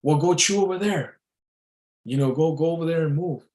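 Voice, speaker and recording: A man putting on the voice of an irritated girlfriend, high and snappy as she complains. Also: normal speed, a little mellow, close to an everyday voice. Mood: bossy.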